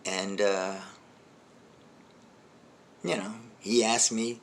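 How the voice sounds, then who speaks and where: A man's voice: lowish voice, steady tone, drawn-out words, a little hiss or hum. Rambling older male storyteller. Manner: rambling, self-deprecating, many restarts and trailing asides. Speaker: comedian, host. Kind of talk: storytelling monologue.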